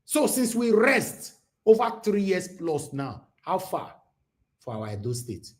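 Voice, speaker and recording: A man's voice: sits high, big pitch swings, a little slow, a little mellow. A man with a Nigerian accent hosting a livestream, talking with passion and switching into Pidgin. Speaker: livestream host. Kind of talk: livestream commentary.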